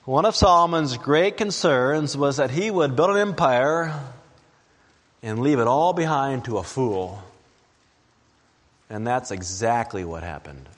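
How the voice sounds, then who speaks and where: A man preaching a sermon, reading scripture aloud in a slow and deliberate way. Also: medium pitch, animated, in a large hall.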